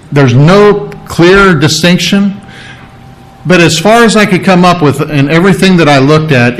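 Male pastor, slightly higher voice, loose conversational sermon delivery with rhetorical questions. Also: rough recording. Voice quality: clears his throat often. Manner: conversational Bible teaching with rhetorical questions and asides.

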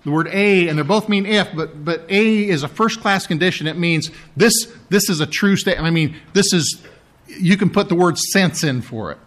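A man delivers a sermon in a fairly high voice. He teaches verse by verse with lively emphasis. Now and then he slips into a mocking tone. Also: moderate pace. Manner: animated, mocks the priests in a put-on sneering voice. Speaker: preacher.

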